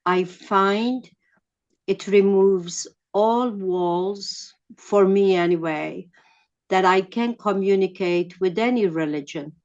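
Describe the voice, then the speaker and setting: A woman sharing her thoughts in an online class, halting and heartfelt, on a video call. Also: mid-range voice, a little mellow, lo-fi sound. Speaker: class participant.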